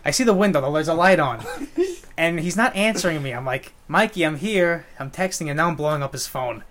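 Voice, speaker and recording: A man co-hosting a podcast from Long Island, telling stories with lively acted-out quotes. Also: on the high side, a little fast. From Long Island, New York. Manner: animated storyteller who acts out quotes. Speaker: podcast co-host. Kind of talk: casual chat, storytelling.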